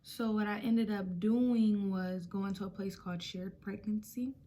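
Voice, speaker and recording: A woman's voice: medium pitch, fairly even intonation, unhurried, background noise. A young woman vlogger chatting casually, retelling a personal story and acting out quotes.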